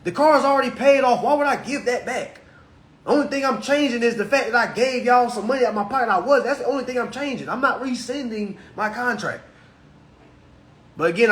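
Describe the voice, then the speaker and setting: A man's voice: high-pitched, brisk, a bit bright, reverberant. A man in his thirties giving blunt, mocking talk on contracts, slipping into voices for imagined phone calls. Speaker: consumer finance commentator. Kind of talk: animated solo commentary.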